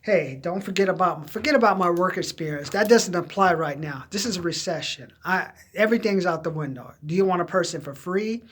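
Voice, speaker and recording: A man's voice: high voice, a little fast, few pauses, a bit bright. A middle-aged man from Southern California, telling candid, rambling stories about his own past as job-search advice. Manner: rambling, candid, drifting into quoted voices. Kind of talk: casual personal storytelling.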